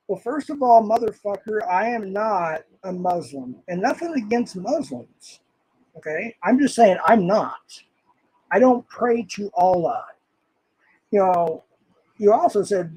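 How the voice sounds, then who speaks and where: A man's voice: high voice, moderate pace, dark tone, slightly rough, no room sound, low-quality recording. An older man streaming live, reading comments aloud in an angry, swearing rant.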